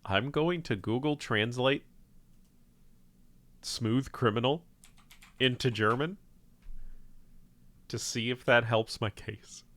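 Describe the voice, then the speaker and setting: A man's voice: medium pitch, takes it slowly, long pauses, a bit bright. A man live-streaming a game in casual chat. He swears freely, rambles, and laughs often. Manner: profane, rambling, laughs a lot.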